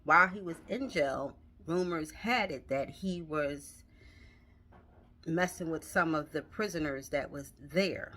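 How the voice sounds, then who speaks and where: Slow, bright-voiced woman telling her story. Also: low voice. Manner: halting, emotional, many restarts. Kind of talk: personal storytelling.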